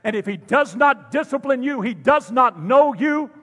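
A man preaching a sermon, animated and jokey, calling out to the congregation. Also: very high voice, normal speed, long reverb tail. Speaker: pastor.

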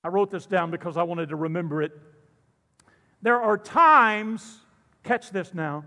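A man's voice: high-pitched, expressive, normal speed, gravelly, bright, forceful tone. An older man preaching a sermon as pastor in a church, fervent and drawn out on the big lines, with joking asides. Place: church sanctuary. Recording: long hall reverb.

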